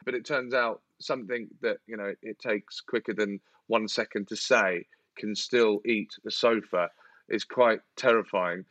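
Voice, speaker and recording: A man's voice: on the low side, a little slow, no echo. Casting: male comedian, exasperated comic riffing, dry muffled studio sound. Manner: animated, exasperated storytelling. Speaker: comedian guest. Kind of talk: comic podcast banter.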